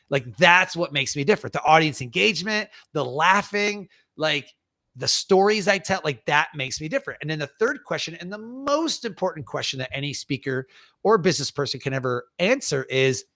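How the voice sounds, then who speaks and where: A man's voice: a little high, pushed and bright, no echo, clean studio sound. A man as an interview guest, telling stories energetically, acting out audience scenes and saying "like" a lot. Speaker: guest speaker. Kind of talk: casual interview storytelling.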